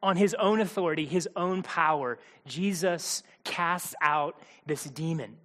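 A man's voice: a little high, a little slow, a bit bright, long reverb tail. A man preaching a sermon from a church stage, conversational and explanatory, with joking asides. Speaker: pastor.

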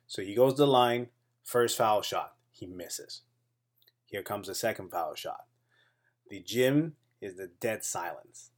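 A man hosting his own weekly comedy podcast, telling a childhood story in a lively, suspenseful way with self-deprecating jokes. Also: on the low side, slow. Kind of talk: casual storytelling monologue.

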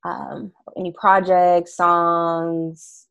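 A woman interviewing a guest in a relaxed, casual way with brief replies. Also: fairly low pitch, extremely slow, clean tone, muffled recording.

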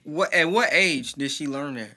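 A man co-hosting a casual chat, relaxed, with wry interjections and joking asides. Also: a little high, normal speed, background noise.

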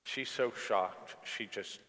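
A man preaching a sermon like someone telling a story, relaxed and unhurried. His voice sits mid-range and carries a long reverb around the church. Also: on the low side. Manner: storytelling, conversational, animated. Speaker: pastor.

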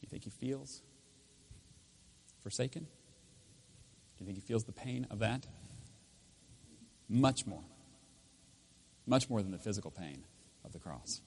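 Husky low-voiced man preaching a sermon. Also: animated, takes it slowly, pauses often. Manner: swings from loud emphatic lines to quiet intense ones. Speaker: pastor. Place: church with speakers.

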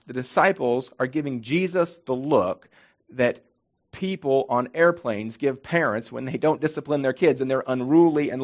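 A man delivers a sermon as pastor, his voice sitting at an ordinary middle pitch. He preaches earnestly and with emphasis, repeating words as he restarts his phrases. The recording sounds dull and lo-fi.

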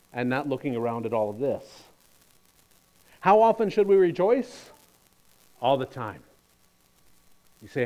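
A man preaching a sermon in a conversational, storytelling way, moving between lively and quiet delivery. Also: on the high side. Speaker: pastor.

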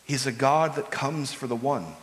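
A man's voice: mid-range voice, normal speed, in a large hall. A man preaching a sermon as pastor, earnest, building to urgent pleading.

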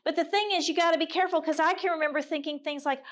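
A woman's voice: sits high, fairly even intonation, very fast, few pauses. A middle-aged woman giving a candid, earnest talk to a women's gathering, mixing personal stories with scripture readings. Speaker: women's ministry speaker. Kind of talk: conversational sermon with scripture reading.

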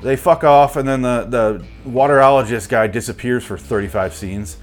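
A man's voice: mid-range voice, normal speed, faint music behind. A man giving a crude, exasperated comedic rant about a movie, mocking it as he goes. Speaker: movie reviewer.

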